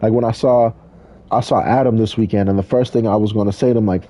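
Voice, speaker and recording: Husky low-voiced man telling stories. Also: steady tone, fast talker, warm tone. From California. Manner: profane, rambling, blunt. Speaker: drift driver and streamer. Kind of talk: casual storytelling while gaming.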